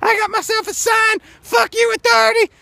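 A man impersonating a brash male wrestler who shouts taunts while holding up a sign. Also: extremely high pitch, little pitch movement, a little fast, creaky, no echo, pitched above the performer's own voice, exaggerated voice. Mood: taunting. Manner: shouting, mocking.

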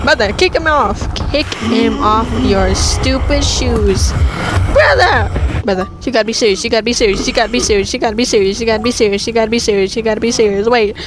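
A woman gamer giving jumpy horror game commentary, swearing and talking back at the game. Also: fairly high pitch. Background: game music.

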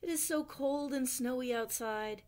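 A woman's voice: high voice, measured pace, darkish tone, pitched above the performer's own voice. Woman doing a fussy, silly storybook owl. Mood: content. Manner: exclaims in rising alarm, fussy. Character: silly, well-meaning fussy male owl.

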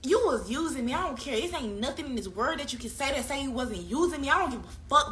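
Young woman, high pitched and kinda piercing, cussing and going off about her ex, says the same stuff over and over. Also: expressive, fast talker, hardly any pauses, a bit bright, a little hiss or hum. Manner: heated, profane, repeats her points. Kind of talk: candid venting about a breakup.

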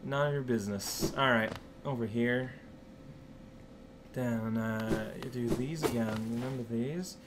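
A man's voice: medium pitch, a little slow, background noise. A man giving casual, playful commentary while playing a video game, rambling and talking to himself and to the characters on screen. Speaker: let's play host. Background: game music.

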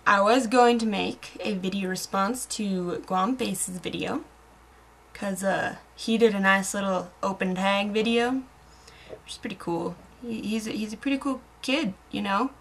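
A woman's voice: mid-range voice, measured pace, fairly bright tone, slight background noise. Rambling, giggly young American woman. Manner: rambling, self-mocking, giggly, drops to murmurs. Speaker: vlogger. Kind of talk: casual video blog chat.

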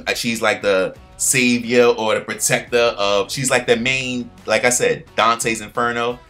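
A man casually recapping a cartoon episode, retelling scenes with slang and fillers and acting out quoted lines in a higher voice. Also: steady tone, measured pace, pushed and bright, soft background music. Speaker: pop culture commentator.

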